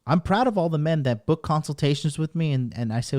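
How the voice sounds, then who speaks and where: A man's voice: on the high side, brisk, few pauses, a little mellow, dry recording, studio quality. A man hosting a podcast, giving a profane, emphatic motivational rant that hammers the same points over and over. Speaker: podcast host and dating coach.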